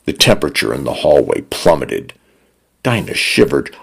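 Low, slow male narrator for a radio story hour, very expressive. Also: vocal fry, husky. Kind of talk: scripted narration.

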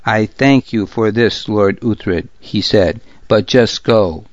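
A man voicing a proud but weary Danish jarl who speaks in a measured, almost pleading way. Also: on the low side, no room sound, lo-fi sound. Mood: grave.

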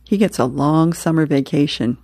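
A woman's voice: low-pitched, normal speed, dark tone, no echo, clean studio sound. A woman reading a weary office man. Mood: wistful. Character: weary male office worker.

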